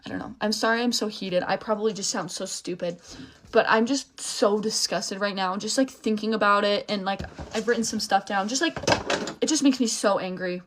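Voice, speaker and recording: A woman's voice: medium pitch, fairly quick, slight background noise. A young woman in a casual vlog rant, heated and swearing, rambling with false starts and restarts.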